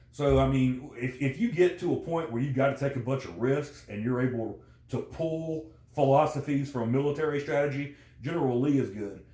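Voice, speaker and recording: A man's voice: medium pitch, mellow. A man chatting casually as a guest, rambling with many fillers and restarts. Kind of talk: casual conversation. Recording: roomy echo.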